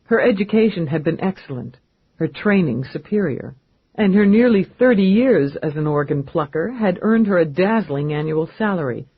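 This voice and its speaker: A man reads a crime audiobook in a steady, measured way. His voice is husky and fairly high for a man. The recording is dry and slightly muffled. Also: no echo. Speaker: audiobook narrator. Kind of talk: scripted narration.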